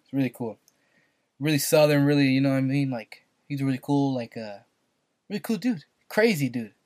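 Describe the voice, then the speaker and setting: A man's voice: medium pitch, expressive, a little fast, a little mellow, dry recording. Young california guy cohosting, rambly, lots of um and like, dry close sound. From Santa Maria, California. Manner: rambling storyteller, many fillers and repeats. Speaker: podcast co-host. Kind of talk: casual chat.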